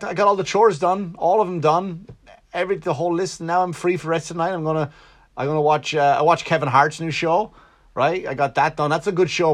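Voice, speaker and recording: An Irish man hosting his own podcast, rambling casually with profanity and self-mocking jokes. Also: on the high side. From Ireland. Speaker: podcast host. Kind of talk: casual solo podcast monologue, comedic. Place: Long Island home.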